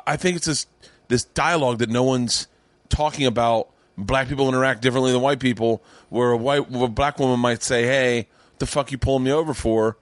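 A man's voice: medium pitch, no room sound. A man hosting a podcast in casual chat, earnest and rambling with many restarts. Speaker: podcast host. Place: home studio.

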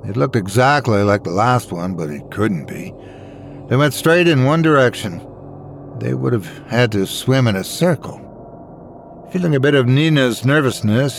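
A man's voice: mid-range voice, slight background noise. A man narrating a scripted horror story and doing all the character voices.

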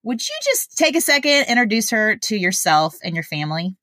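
A woman's voice: mid-range voice, sing-song, brisk, pushed and bright, no echo, studio quality. A woman hosting a faith-based parenting podcast, talking in an earnest, chatty way and laughing easily. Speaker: podcast host. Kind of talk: casual podcast chat and ad read.

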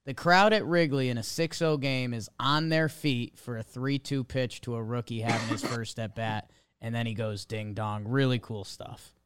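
A man co-hosting a casual sports podcast, giving upbeat shout-outs. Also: medium pitch, normal speed, slight background noise. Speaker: podcast co-host.

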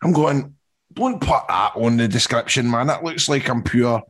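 A man's voice: mid-range voice, moderate pace. A man with a Scottish accent, co-hosting a podcast and telling a story in casual chat, mimicking the people in it. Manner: animated storytelling, mimics others' voices. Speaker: podcast co-host.

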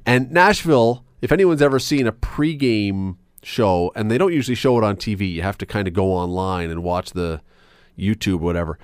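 A man's voice: lowish voice, moderate pace, smooth, dry recording. A man hosting an evening radio talk show, chatty and playful, laughing often as he talks in the studio. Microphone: studio microphone.

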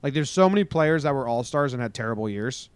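Male podcast host, sarcastic headline reader, mid pitch, dead-dry studio sound. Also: lively intonation, fast, clean tone, no echo. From New Jersey. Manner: loose, joking, reads headlines with sarcastic asides. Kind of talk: casual sports and news chat.

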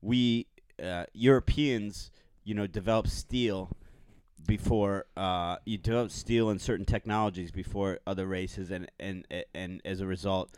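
A man on a comedy podcast who talks in halting, restarting sentences and jokes at his own expense. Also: low-pitched, steady tone, a little mellow, clean tone, no echo. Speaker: podcast co-host. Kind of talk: casual comedy banter.

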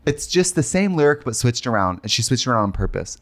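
Chatty podcast guy, lively up and down voice, sings bits. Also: mid-range voice, fairly quick. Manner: chatty, animated, sings snippets. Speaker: podcast co-host. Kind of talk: casual chat.

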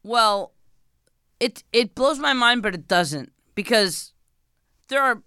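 A man's voice: very high voice, animated, takes it slowly, pushed and bright, clean tone, no echo, studio quality. A man as a podcast guest, chatting in a laid-back, profane way. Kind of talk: casual chat.

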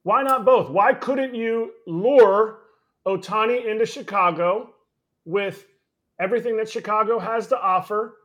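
A man riffs with his co-hosts in a noticeably high voice, joking and needling. His delivery is loose and chatty. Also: measured pace, a bit bright. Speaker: co-host. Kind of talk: casual sports chat.

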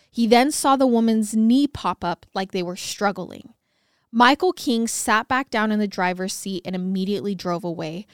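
A woman narrates a true-crime case for a podcast in a conversational tone, slipping in wry little asides. Her voice is smooth and clear and sits at a mid-range pitch. The recording is dry and close, with no room sound. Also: no room sound. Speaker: podcast co-host.

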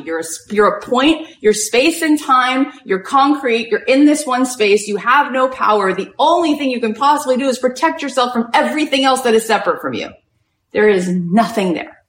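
Animated woman coach in a roomy space. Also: fairly high pitch. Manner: animated, frequent "like" fillers. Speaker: spiritual coach and host. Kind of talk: inspirational storytelling talk. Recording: roomy echo.

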